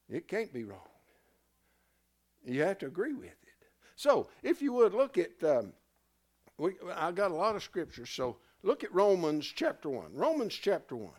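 Man, bible class teacher, lively swooping voice, slightly high, quizzes the room. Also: normal speed. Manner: animated, self-interrupting, asks the class questions.

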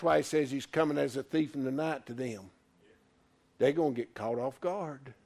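A man preaching a sermon, fervent, swinging from loud exclamations to quiet asides. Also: medium pitch, moderate pace, creaky.

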